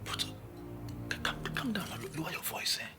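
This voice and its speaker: An actor playing a nervous husband who stammers and pleads, with a Nigerian accent. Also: male voice, on the high side, sing-song, brisk, over loud music. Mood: pleading. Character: nervous adult man hiding debts from his wife. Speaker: husband in debt.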